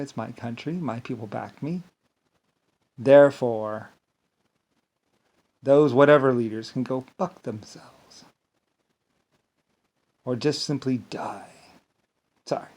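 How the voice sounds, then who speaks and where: A man on an angry, rambling rant, speaking at a middling pitch. He swears freely, trips over his words and restarts them, and keeps filling gaps with dismissive "blah, blah.". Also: slow, creaky, pauses often, darkish tone. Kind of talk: monologue rant to camera.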